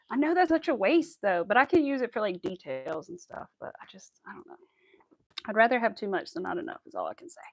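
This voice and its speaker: A woman's voice: a little high, vocal fry, no room sound. A woman hosting a casual crochet livestream, chatting and giggling with viewers as she works. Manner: chatty and giggly, talking to viewers while crafting. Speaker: crafting channel host.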